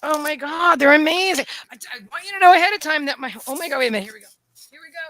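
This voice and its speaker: A woman hosting a casual livestream from a room in her home, gushing and excitable as she talks to her dogs. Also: high voice, quick pace. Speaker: host of a live psychic reading stream. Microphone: camera setup lit by a ring light.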